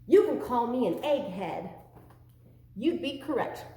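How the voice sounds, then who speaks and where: A woman's voice: a little high, expressive, unhurried, dark tone, slight background noise. A woman playing a proud, brainy octopus. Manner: proud, playful show-off. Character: clever, boastful giant octopus. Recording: very echoey room, distant mic.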